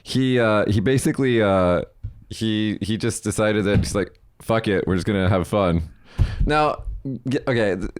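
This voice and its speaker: A man's voice: fairly low pitch, darkish tone, dry recording, clean studio sound. A young man from Las Vegas hosting a podcast, chatting casually, rambling and swearing freely. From Las Vegas, United States. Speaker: podcast host. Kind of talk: casual chat.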